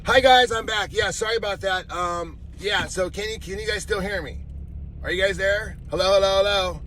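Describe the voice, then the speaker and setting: Rambling high-voiced man streaming from a phone. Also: moderate pace, bright, forceful tone, slight background noise. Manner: rambling, answers chat messages aloud, frequent restarts. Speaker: live streamer. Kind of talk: casual live-stream chat with viewers. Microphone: mobile phone.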